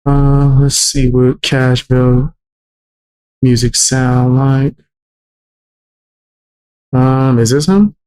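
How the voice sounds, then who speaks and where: A man's voice: medium pitch, steady tone, drawn-out words, long pauses, a little mellow, clear, resonant tone. A man reacting to music clips on a stream, blunt and mocking, swearing often. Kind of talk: casual reaction stream commentary.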